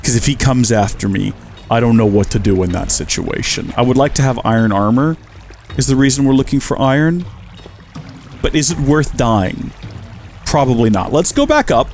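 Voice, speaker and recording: Chatty American man with a lively voice. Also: mid-range voice, moderate pace, slight background noise. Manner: chatty, jokey, talks to the animals. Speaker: let's player. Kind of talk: gameplay commentary.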